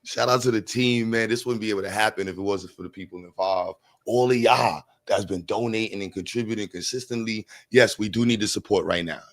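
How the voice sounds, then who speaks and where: Energetic New livestream host. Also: male voice, on the low side, brisk, few pauses, no room sound. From New York. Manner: energetic, repeats words, slangy, shouts out chat. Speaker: livestream host raising funds for a school. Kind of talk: casual livestream chat.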